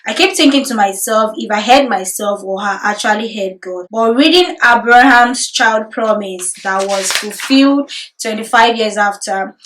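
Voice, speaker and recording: Animated woman sharing a testimony. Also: on the high side. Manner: animated storytelling, acting out dialogue; faith-filled, encouraging. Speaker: vlogger. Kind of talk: personal testimony vlog.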